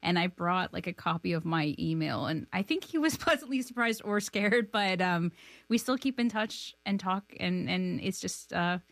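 A woman in her thirties from Canada chats as an interview guest, quick to laugh at herself. Her voice sits on the low side, and the studio sound is dry and close. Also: expressive, dry recording. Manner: chatty and self-deprecating, laughs often. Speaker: filmmaker guest. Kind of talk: casual interview chat.

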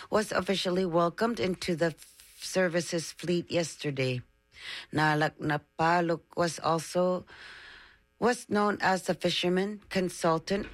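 Low-voiced woman reading regional news. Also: no echo. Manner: steady, formal delivery. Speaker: news reader. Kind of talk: scripted regional news read.

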